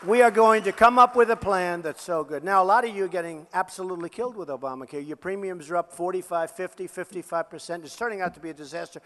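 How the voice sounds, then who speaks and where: A man's voice: high voice, fast talker, hardly any pauses, a bit bright, some chatter behind. An older man giving a rally speech as a political candidate, boastful and repetitive, talking off the cuff from a podium microphone in a large hall. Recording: echoey rally hall reverb.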